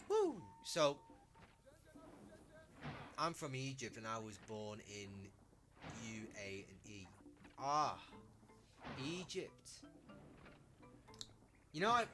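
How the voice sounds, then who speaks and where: Sweary young Scouse streamer, bright voice. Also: male voice, mid-range voice, sing-song, slow pace, long pauses, soft background music. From Liverpool, England. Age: late teens. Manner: sweary, rambling storytelling. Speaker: live streamer. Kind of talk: casual live-stream chat.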